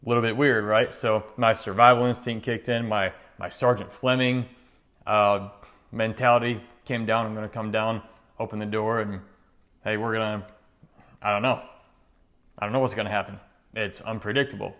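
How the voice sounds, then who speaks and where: A man's voice: lowish voice, moderate pace. A middle-aged man telling a personal story in an earnest, conversational way, acting out the voices in it. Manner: conversational, earnest, animated retelling with quoted voices. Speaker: motivational speaker. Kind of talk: storytelling monologue.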